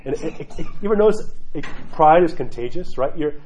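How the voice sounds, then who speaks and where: A man's voice: fairly high pitch, lively intonation, a little fast, darkish tone, dull audio, a little hiss or hum. A middle-aged man, an Orthodox Christian clergyman, giving casual spiritual talk and often asking "right?". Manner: conversational, keeps asking "right?"; acts out quoted voices.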